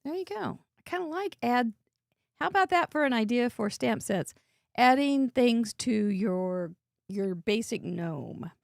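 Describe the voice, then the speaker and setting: Bubbly high-voiced woman with gravelly edge. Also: lively intonation, a little slow, no room sound, studio quality. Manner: bubbly, chatty, laughs often. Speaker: host. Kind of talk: live crafting show chat. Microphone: headset earbud.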